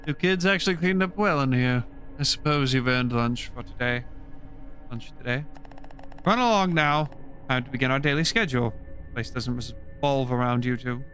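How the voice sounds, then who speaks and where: A man's voice: mid-range voice, moderate pace, a bit bright, faint music behind, lightly acted. A man voicing a stern, bossy female nurse who speaks in curt commands.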